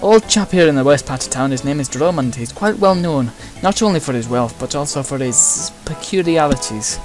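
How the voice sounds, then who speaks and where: A man's voice: a little high, lively intonation, normal speed, music in the background, natural voice. A man voicing a chatty male armour shopkeeper who gives directions helpfully.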